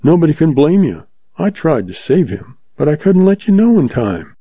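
A man voicing a smooth-talking young cowboy with an earnest, folksy drawl, read from a storybook. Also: a little high, very animated, normal speed, no room sound, muffled recording, pitched above the performer's own voice, heavily acted.

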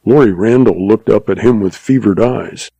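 A man reading a western story aloud in steady scripted narration. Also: lowish voice, normal speed, creaky, husky, dry recording, rough recording. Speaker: audiobook narrator.

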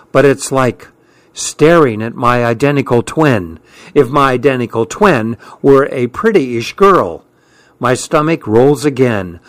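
A man narrating a first-person story from a script in a calm, measured way. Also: medium pitch, no echo. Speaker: audiobook narrator.

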